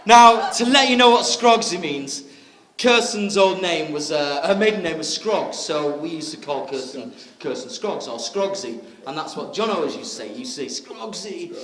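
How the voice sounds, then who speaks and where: A man's voice: fairly high pitch, normal speed, fairly bright tone. A man giving a wedding speech, telling a story in a chatty way. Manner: chatty storytelling, frequent laughs. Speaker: wedding speaker. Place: wedding reception hall. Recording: echoey hall with crowd.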